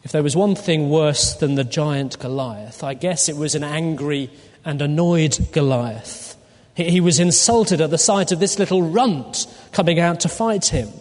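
A man preaching a sermon through a Bible passage, deliberate and full of rhetorical questions to his listeners. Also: on the high side, darkish tone. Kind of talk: expository sermon. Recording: long hall reverb.

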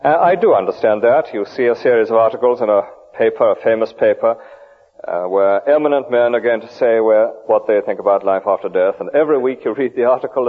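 Preacher on a tinny old broadcast. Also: male voice, mid-range voice, expressive, fairly quick. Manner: rhetorical, vivid emphasis, dry humour. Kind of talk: sermon.

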